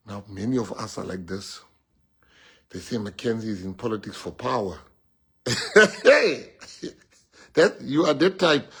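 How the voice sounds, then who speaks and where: A man's voice: lowish voice, lively intonation, measured pace, pauses often, breathy edge. A man with a South African accent giving a rousing, joking political speech and switching languages.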